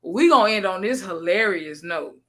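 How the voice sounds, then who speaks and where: A woman's voice: mid-range voice, expressive, moderate pace, fairly bright tone. A woman hosting a casual reaction commentary, making blunt, sassy asides to her chat. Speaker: commentary host.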